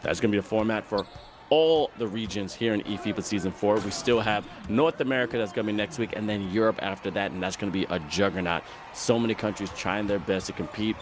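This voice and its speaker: A man with a fairly low voice talks fast over a noisy background as he commentates an esports basketball game. His play-by-play flows and explains, breaking down plays and the tournament format with asides along the way.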